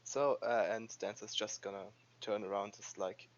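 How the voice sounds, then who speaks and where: A man's voice: fairly low pitch, fairly even intonation, normal speed. A man playing a tabletop role-playing game, talking hesitantly with stumbling restarts. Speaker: player. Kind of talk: tabletop role-play, in and out of character. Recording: dull audio with faint music.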